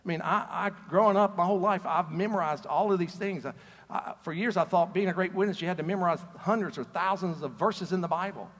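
Higher-voiced man preaching in a reverberant hall. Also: fast, a bit bright. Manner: earnest, storytelling, repeats words when starting sentences. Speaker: pastor. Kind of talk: conversational sermon. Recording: long reverb of a large hall.

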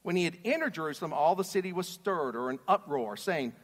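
A man preaching a sermon in an animated, emphatic way, putting questions to his audience. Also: a little high, fast talker. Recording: reverberant hall.

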